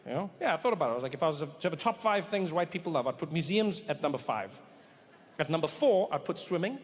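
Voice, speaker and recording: A man doing stand-up storytelling on stage into a handheld mic, animated and breaking into quick voices for the people in his stories. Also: high voice, in a large hall, slight background noise. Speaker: stand-up comedian.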